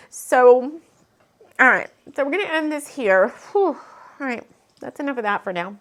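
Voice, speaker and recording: Animated and high-voiced, a woman talks at a normal speed with a fairly bright tone as she channels spiritual messages and reads tarot to the camera at home. Her earnest, meandering delivery turns emotional, recorded on the camera mic.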